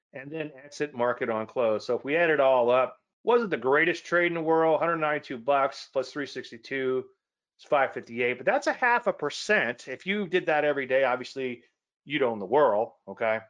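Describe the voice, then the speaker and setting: A man's voice: medium pitch, fairly bright tone. A man giving a casual trading lesson, chatty and rambling, often correcting himself mid-sentence. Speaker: trading educator. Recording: slightly dull lo-fi audio.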